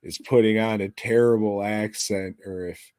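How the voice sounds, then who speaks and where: A man's voice: lowish voice, fairly even intonation, normal speed, darkish tone, no room sound. A man co-hosting a podcast, reviewing a movie in casual chat with crude, sarcastic, swear-heavy remarks. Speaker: podcast co-host. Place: podcast studio.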